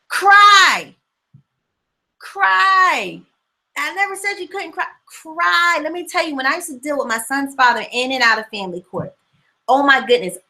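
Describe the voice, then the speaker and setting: A woman hosting a casual motivational livestream, reading viewer comments and talking in a chatty, animated way that repeats words for emphasis. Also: medium pitch, poor audio.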